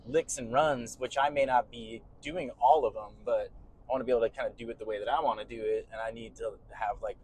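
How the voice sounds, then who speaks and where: Male co-host, mid pitch, relaxed explainer, faint road noise. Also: brisk, poor audio. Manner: explains at length, hedging fillers. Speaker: podcast co-host and bandleader singer. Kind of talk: casual chat. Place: inside a moving car.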